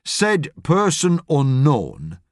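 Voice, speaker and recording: An actor reading an audiobook, playing a stolid middle-aged male police constable who speaks in a slow, measured, officious way. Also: fairly high pitch, wildly swooping pitch, no room sound, studio quality, heavily acted. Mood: formal, measured.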